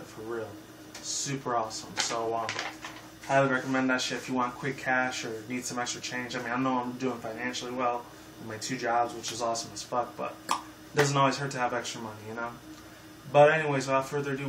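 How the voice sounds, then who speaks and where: A man's voice: medium pitch, fairly bright tone. Young man, casual rambling review, lots of swearing and ums, echoey room, faint background hiss. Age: 20s. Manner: profane, rambling, many fillers. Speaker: movie reviewer. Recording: echoey room, mic far off, faint noise.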